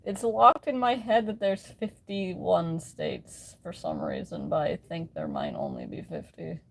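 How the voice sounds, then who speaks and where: A woman's voice: on the low side, very animated, unhurried, creaky, slight background noise. A woman chatting casually on a live stream, rambling and laughing at herself, recorded on a phone. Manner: rambling, self-mocking, often laughing.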